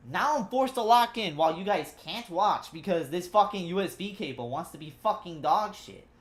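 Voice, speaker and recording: A woman with a fairly low, lively voice talks at a moderate pace while live-streaming a game. She's angry and frustrated, swearing at her equipment as she chats casually with her viewers.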